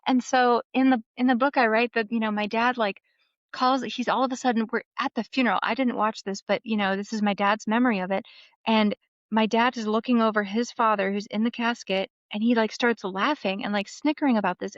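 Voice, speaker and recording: A woman's voice: a little high, a little fast, dry recording. Chatty woman in her thirties, muffled audio. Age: 30s. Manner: animated storyteller, lots of "like" fillers. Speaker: memoir author, podcast guest. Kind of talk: casual podcast interview.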